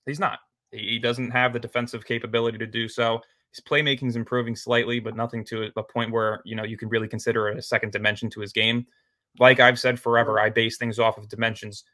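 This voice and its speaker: Brief: male podcast guest, blunt and opinionated, flat delivery. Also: medium pitch, no room sound. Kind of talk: casual debate chat.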